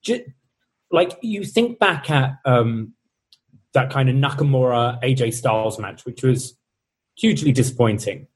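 A man co-hosting a podcast, talking casually and a bit haltingly about wrestling. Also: medium pitch, lively intonation, breathy edge. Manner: thoughtful, hesitant, with fillers and restarts. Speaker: podcast co-host.

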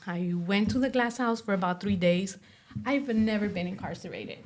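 A young woman speaking as an interview guest, giving a personal testimony in a soft voice full of "you know" and "like". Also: medium pitch, moderate pace. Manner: soft-spoken, many fillers like "you know" and "like".

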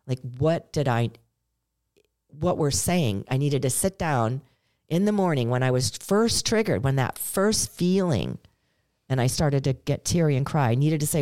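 Her voice rumbling low and paced normally, a middle-aged woman co-hosts a casual podcast chat. She shares a personal story earnestly and conversationally, livening up whenever she performs the words she's quoting.

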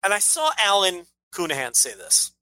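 A man's voice: high voice, wildly swooping pitch, normal speed, sharp tone, low-quality recording. A man co-hosting a casual podcast, ranting emphatically with frequent swearing and restarts. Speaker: podcast co-host.

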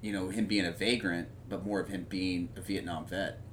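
A man chatting casually about a movie, rambling with lots of fillers and animated retelling of scenes. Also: low-pitched, moderate pace, a little hiss or hum.

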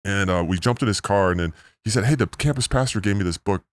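A man in his forties, a missionary guest, telling his story in a rambling, earnest way through a pitch-altered disguise. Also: fast talker, no room sound, studio quality. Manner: earnest, rambling, full of "like" and "you know". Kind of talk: casual storytelling interview.

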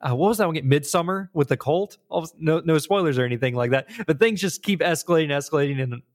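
Guy rambling on about games, kinda high voice, acts stuff out as he talks. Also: quick pace. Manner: animated, rambling storyteller who acts out scenes. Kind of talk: casual chat about video games.

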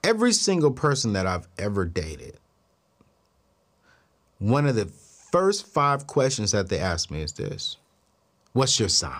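A man's voice: measured pace, long pauses. A man hosting a talk show, telling stories casually and acting out the dialogue, with exclamations that leap up in disbelief and a preachy turn toward faith. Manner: animated, acts out dialogue, jumps to high incredulous exclamations. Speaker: show host. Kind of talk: casual storytelling to the camera.

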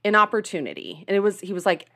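A woman's voice: medium pitch, big pitch swings, fast talker, sharp tone. A woman co-hosting a podcast in casual chat, telling a story conversationally and sometimes slipping into playful accents. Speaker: podcast co-host.

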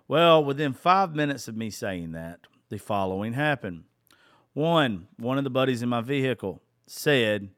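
A man's voice: medium pitch, expressive, moderate pace, a bit bright, no echo, clean studio sound. A man telling a personal story as a podcast host, blunt, exasperated and full of cussing.

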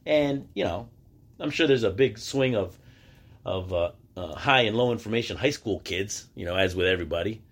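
A man's voice: fairly low pitch, moderate pace, breathy edge. A man hosting a solo podcast, telling stories in a loose conversational way, often restarting his sentences and acting out what other people said. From United States. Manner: conversational storytelling, acting out quoted voices; frequent restarts and filler words. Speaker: podcast host. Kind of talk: casual solo podcast monologue.

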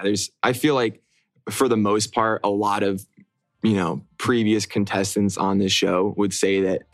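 A young man co-hosts a casual podcast, his voice sitting a little low. He talks in a relaxed, rambling way, leaning on fillers and restarts. The recording is dry and close. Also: dry recording. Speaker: podcast co-host. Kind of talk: casual chat.

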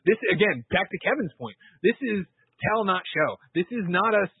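Guy ranting fast about a movie, kinda husky, dry tinny phone sound. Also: high voice, dry recording. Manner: animated, profane retelling of a movie plot. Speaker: podcast co-host. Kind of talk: casual chat.

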